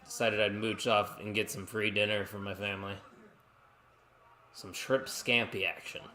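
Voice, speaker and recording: A man's voice: fairly low pitch, fairly even intonation, normal speed, sharp tone. A man co-hosting a live watch-along stream, chatting casually and reacting to the action while reading viewer comments.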